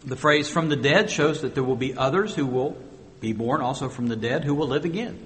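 A man preaching a sermon with emphatic rhetorical questions, moving between loud stressed phrases and quiet asides. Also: mid-range voice, a little fast, big-room sound. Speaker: pastor.

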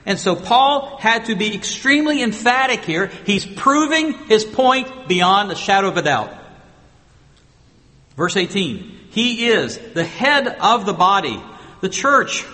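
A man preaching a sermon with emphatic rhetorical questions, moving between loud stressed phrases and quiet asides. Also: high voice, big pitch swings, measured pace, long reverb tail. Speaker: pastor.

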